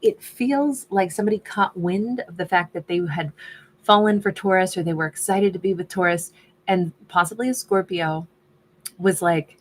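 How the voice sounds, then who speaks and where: Woman tarot reader, husky and low, musing aloud in a relaxed reading. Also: normal speed. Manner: thinking aloud, slipping into the voices of the people in the reading. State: losing her voice.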